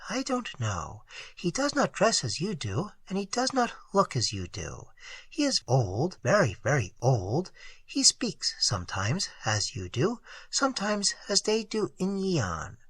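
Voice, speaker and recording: A reader voicing a gentle, tearful, mysterious young woman who speaks softly and often whispers. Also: mid-range voice, wildly swooping pitch, a little slow, slightly rough, dry recording, heavily acted. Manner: soft, hushed, often whispering. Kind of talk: audiobook character reading.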